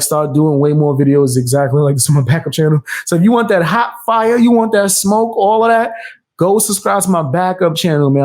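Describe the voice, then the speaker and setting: A man's voice: on the high side, a little mellow. A man hosting a reaction commentary, defiant and mocking, with casual slang and frequent laughs. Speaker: commentary channel host.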